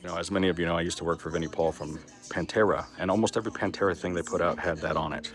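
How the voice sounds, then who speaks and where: A man's voice: low-pitched, steady tone, very fast, faint music behind. A middle-aged man from Texas talking candidly and with plenty of swearing in a casual vlog as he walks around. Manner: candid and profane, talks while walking. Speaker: vlogger. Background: a dog barking.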